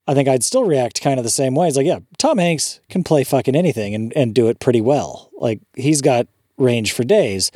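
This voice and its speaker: Podcast co-host, male, incredulous ranting, swears, dry close sound, mid pitch. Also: animated, moderate pace, few pauses, warm tone, no echo. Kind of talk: casual chat.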